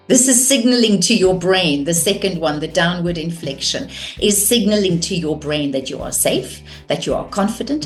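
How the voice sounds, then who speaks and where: A woman teaching a course on communication, calm and measured, showing vocal techniques. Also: lowish voice. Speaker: communication coach.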